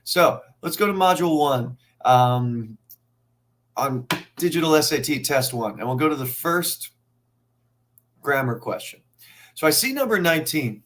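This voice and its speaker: A man with a medium-pitched voice, speaking at normal speed, teaches a live online test prep class. He thinks out loud through the questions and throws energetic asides to his viewers.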